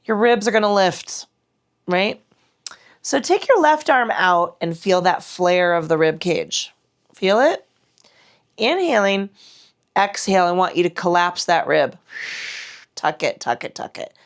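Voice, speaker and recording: This woman, a Pilates instructor, works through the mat exercises alongside her class, calling out breath and form cues through the strain of muscle contraction. Her voice is on the low side with lively intonation, and she speaks slowly with long pauses.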